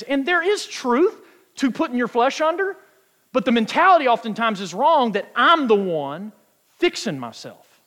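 A man preaching a sermon, emphatic and quoting scripture, stretching key words out slowly for weight. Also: extremely high pitch, big pitch swings, sharp tone. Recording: long hall reverb.

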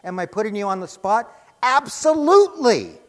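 A man preaching a sermon to a congregation, emphatic and pausing to answer his own rhetorical questions. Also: high-pitched, expressive, a bit bright, in a large hall. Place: church sanctuary.

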